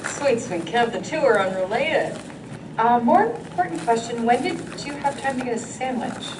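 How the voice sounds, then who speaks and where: An actress as an incredulous, scolding ghost hunter; high voice, roomy, distant film sound. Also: female voice, lively intonation, normal speed, close to an everyday voice. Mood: exasperated. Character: exasperated woman ghost hunter scolding teammate. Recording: echoey distant film audio with noise.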